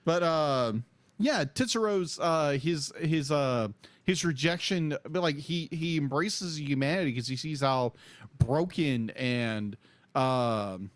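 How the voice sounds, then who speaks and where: Speaking slowly in a fairly high voice, a man co-hosts a podcast, keeping the casual chat hesitant and full of fillers. There's no echo on the recording.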